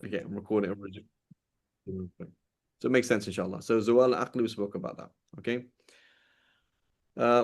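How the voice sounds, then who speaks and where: With a fairly low pitch, steady tone, and breathy edge, a man talks through a classical legal text. He reads passages aloud at speed, then explains them casually with frequent restarts.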